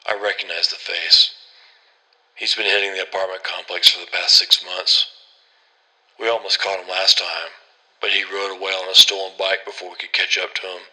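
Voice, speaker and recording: A man's voice: low voice, little pitch movement, normal speed, pushed and bright, low-quality recording. A man narrating a horror story in a grim, terse first-person voice.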